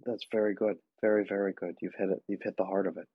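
Husky-voiced man, earnest and dry. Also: sits low, steady tone, quick pace, no room sound, narrow, tinny audio. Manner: earnest, acts out dialogue with his kids. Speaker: guest, attachment specialist. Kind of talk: conversational interview.

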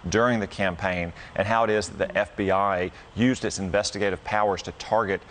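A man's voice: low-pitched, fairly even intonation, a little fast, a bit bright, slight background noise. A man, a politician, speaking firmly and accusingly in a TV news interview.

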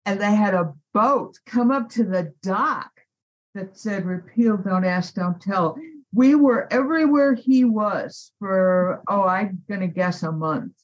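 A woman activist, a guest on an interview podcast, telling a story in an animated, emphatic way. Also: mid-range voice, slow, dull audio.

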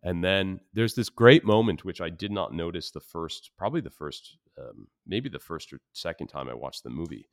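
A man's voice: low-pitched, lively intonation, moderate pace, creaky, few pauses, dry recording, studio quality. A man in a casual film discussion, talking hesitantly with frequent restarts and short laughs. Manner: hesitant, restarts often, laughs when quoting. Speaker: podcast co-host.

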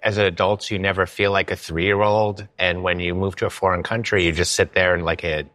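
A man's voice: deep voice, level tone, a little fast, fairly bright tone, dry recording, studio quality. A man hosting a podcast, chatting casually and joking in rambling asides. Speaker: podcast host. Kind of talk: casual conversational interview. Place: lives in Paris.

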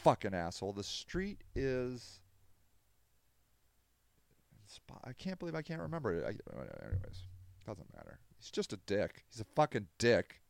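A man hosting a podcast, reading news articles aloud and ranting about them in a heated, profane way, with sudden loud bursts of anger. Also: mid-range voice, huge pitch swings, creaky, no room sound. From Akron, Ohio. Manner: quick flashes of anger, loud outbursts. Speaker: podcast host.

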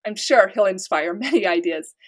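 A woman's voice: mid-range voice, expressive, moderate pace. A woman author from the United States, talking casually and earnestly in a podcast interview. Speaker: author guest.

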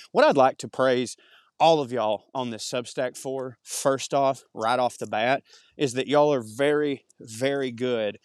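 Walking uphill in the woods, a podcast host with a heavy Southern US accent delivers a rambling monologue, slightly winded. His mid-range voice carries a chatty, self-deprecating tone, with no room sound in the recording.

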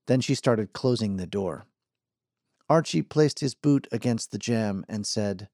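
A man giving measured, scripted audiobook narration. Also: medium pitch, a little mellow, no room sound, clean studio sound.

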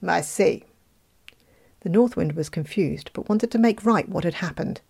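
A woman reading a fairy tale aloud, expressive, with playful asides. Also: fairly low pitch, moderate pace, vocal fry, breathy edge. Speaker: storyteller.

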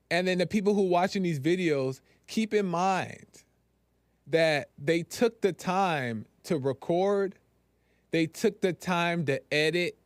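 A man's voice: fairly high pitch, clean tone, dry recording. A man hosting a solo podcast, talking in a casual, conversational way, repeating phrases for emphasis. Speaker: podcast host.

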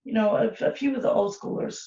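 A woman co-hosting a podcast in casual chat, profane and animated, often breaking into laughter. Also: fairly high pitch, a little fast. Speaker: podcast co-host. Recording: roomy, distant, dull sound.

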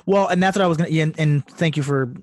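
A man co-hosting a casual sports podcast, talking in a quick, excitable, animated way. His voice sits a bit high for a man, and the sound is dry and close with no room echo. He swears freely as he talks. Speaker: podcast co-host. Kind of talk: casual chat.

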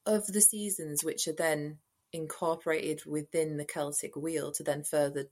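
A woman's voice: low-pitched, fairly even intonation, normal speed, a little mellow. A woman co-hosting a casual podcast chat, rambling and thinking aloud as she goes. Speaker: podcast co-host.

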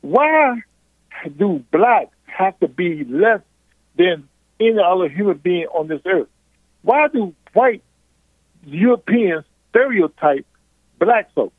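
High-voiced Southern man on the phone. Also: no echo. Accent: Southern American. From Virginia. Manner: insistent, repeats himself to hold the floor. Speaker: caller. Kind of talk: heated phone call. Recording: tinny phone line.

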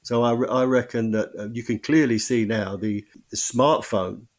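A man's voice: medium pitch, fairly even intonation. A male author, speaking as a guest in an interview, thinking aloud with frequent restarts and self-corrections. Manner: thoughtful, halting, frequent restarts. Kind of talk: podcast interview.

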